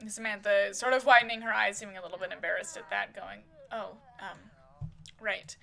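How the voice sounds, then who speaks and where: A woman narrates a life-sim soap opera as she plays, describing each action in a casual, meandering way. Her voice is bright and forceful, with a gravelly fry, and her speech is full of fillers. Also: medium pitch, steady tone, fast.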